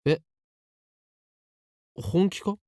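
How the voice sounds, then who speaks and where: An actor playing a brusque, eccentric young male scientist in an anime game, curt and rapid. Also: warm tone, dry recording, clean studio sound.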